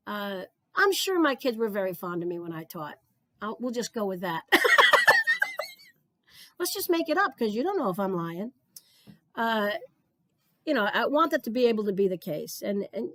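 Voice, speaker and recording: A woman's voice: medium pitch, dry recording. An older woman from New Jersey, a retired physical education supervisor, giving an earnest, conversational keynote talk and repeating key phrases for emphasis.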